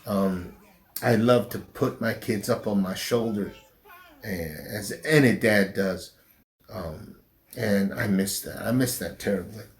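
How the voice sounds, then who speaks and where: A middle-aged man, a pastor, speaking slowly and haltingly in an interview, with a slight southern drawl since his stroke. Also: lowish voice. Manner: slow, halting speech with restarts after a stroke. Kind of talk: personal interview.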